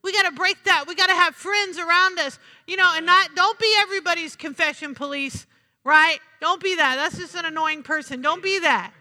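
A woman's voice: extremely high pitch, a little fast, sharp tone. A woman preaching a sermon in a church, emphatic, repeating her phrases and asking the congregation "Amen?". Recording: long hall reverb.

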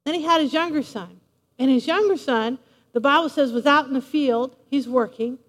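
In a large church hall, a woman preacher addresses her congregation directly with a lively, playful sermon. Her voice is high and her pace normal, and the room adds a long, rolling reverb.

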